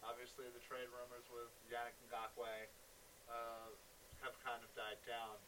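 A man hosting a casual sports podcast, chatting excitedly and reading out viewer comments. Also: mid-range voice, a little slow, recorded from a distance, a little hiss or hum, rough recording. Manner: excitable, laughing, reads live comments. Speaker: podcast host. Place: room with other hosts.

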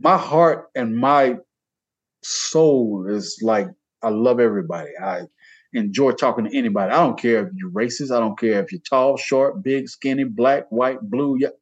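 A man in his fifties, an artist guest, telling stories in casual conversation, animated, laughing often and pitching his voice up high when he quotes people. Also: normal speed, breathy edge, lo-fi sound. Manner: plain informal speech with dropped verbs.

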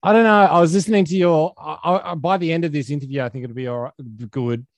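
A man's voice: on the high side, quick pace, dry recording. A man with an Australian accent, co-hosting a podcast in laid-back, rambling casual chat. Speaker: podcast co-host.

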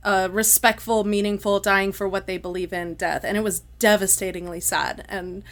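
A woman hosting a podcast, talking about something she loves in an emotional, effusive way. She rambles quickly with a lot of restarts, at a middling pitch. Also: fairly even intonation, fairly bright tone. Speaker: podcast host. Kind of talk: casual podcast discussion.

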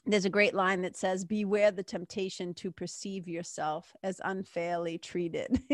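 A woman's voice: lowish voice, fairly even intonation, unhurried, no echo, studio quality. A woman hosting a podcast, talking casually in a self-help monologue, full of fillers and mild swearing. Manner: chatty, frequent fillers and swearing, laughs at herself. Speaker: podcast host.

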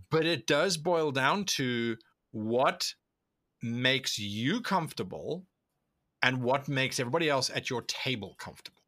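Animated bright-voiced man explaining eagerly. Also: medium pitch, measured pace, no echo, clean studio sound. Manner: animated, explanatory, acts out quoted thoughts. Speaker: guest, tabletop role-play video creator. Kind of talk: conversational interview answers.

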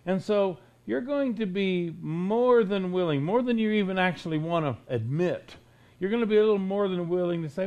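A man with a high voice delivers a conversational sermon. He is blunt and folksy, needling his listeners with sarcastic rhetorical questions. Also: expressive, normal speed, a little mellow. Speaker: preacher.

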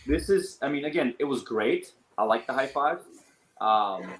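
A man in his thirties, a guest on an interview show, telling stories in an animated, rambling way with many fillers. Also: medium pitch, normal speed, noisy background. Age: 30s. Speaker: guest, business owner and coach. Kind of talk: casual storytelling interview. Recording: roomy echo.

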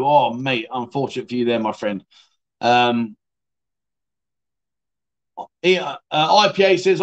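A man's voice: fairly high pitch, very animated, normal speed, fairly bright tone, muffled recording. A middle-aged man hosting a casual livestream, reading out viewer comments with cheeky, self-mocking humour and frequent laughs. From United Kingdom. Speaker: livestream host.

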